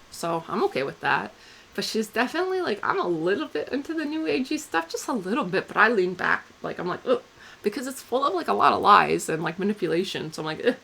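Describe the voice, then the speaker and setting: A woman's voice: medium pitch, a bit bright. A woman vlogging to camera in a rambling, giggly, casual confessional way, full of "like" and "um".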